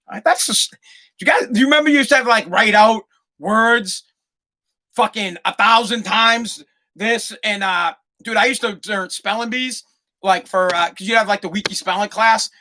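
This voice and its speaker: A middle-aged American man hosting a podcast, telling comedic stories in an animated, heavily profane way. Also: high voice. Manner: animated and profane, swears constantly. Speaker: podcast host.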